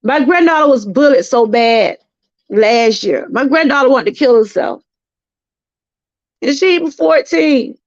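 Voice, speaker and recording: A woman's voice: sits high, expressive, unhurried, pauses often, no room sound. A middle-aged woman with a Southern US accent hosting a live-stream testimony talk, earnest and preachy, repeating herself and speaking to her viewers. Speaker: channel host. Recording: dry, slightly muffled lo-fi sound.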